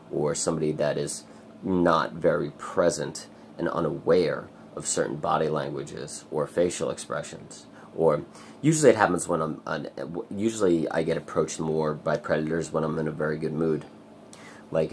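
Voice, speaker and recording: Very deep, gravelly-voiced man rambling. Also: a little hiss or hum. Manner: rambling, swears a lot, many fillers. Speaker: vlogger. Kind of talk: casual personal vlog.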